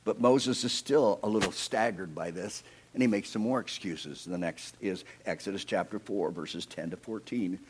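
A middle-aged man preaching a sermon with animated storytelling, swinging between soft, low asides and loud, emphatic passages. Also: normal speed, noisy background. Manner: earnest, personal asides.

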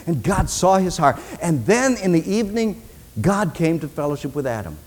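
Man preacher, sermon, high lively voice, dramatic loud and hushed, long hall reverb. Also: normal speed.

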